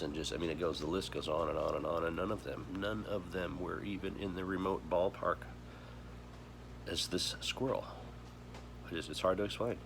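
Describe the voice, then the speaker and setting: A grieving man with a voice of extreme depth and a gravelly rasp speaks slowly and haltingly, starting over again and again. He sounds choked up. Steady background noise sits under his voice. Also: sits low. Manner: heavy, halting, with many pauses and restarts. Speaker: vlogger. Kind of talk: grieving personal vlog.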